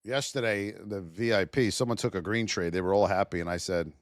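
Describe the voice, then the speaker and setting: A man's voice: fairly low pitch, fairly quick, no room sound, studio quality. A man hosting a live trading stream in a blunt, chatty way, telling stories, reading out price levels and calling out to viewers by name.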